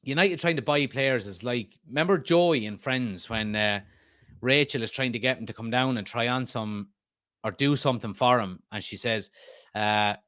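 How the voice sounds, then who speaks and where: A man's voice: medium pitch, normal speed, a bit bright, no room sound, studio quality. A man, hosting a football fan live stream, reading comments aloud and rambling casually with many fillers. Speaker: host of a football fan channel.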